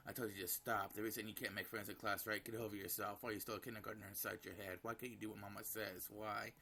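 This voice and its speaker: A man's voice: on the low side, flat delivery, fast talker, vocal fry, sharp tone, a little hiss or hum. A man voicing a stern, short-tempered mother who scolds harshly. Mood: scolding.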